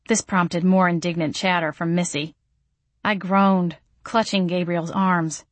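A woman's voice: lowish voice, little pitch movement, normal speed, no room sound. A woman narrating a first-person audiobook in a wry, self-mocking way.

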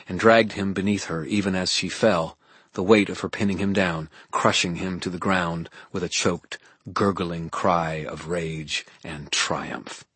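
Male audiobook narrator, very low voice, husky, dry close sound. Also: fairly bright tone, no room sound.

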